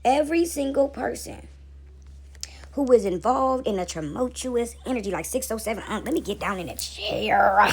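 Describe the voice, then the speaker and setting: A woman preaching casually on a home video, animated and slangy, swearing freely and often laughing. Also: a little high, normal speed, slightly rough. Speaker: spiritual video creator and mother. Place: home, seated with dogs nearby.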